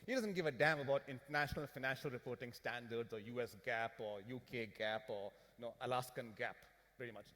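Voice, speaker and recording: A man giving an animated, joking finance seminar talk to a conference audience, firing questions at the crowd. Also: mid-range voice, fast. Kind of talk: lively business seminar talk. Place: conference hall. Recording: hall reverb from a conference room.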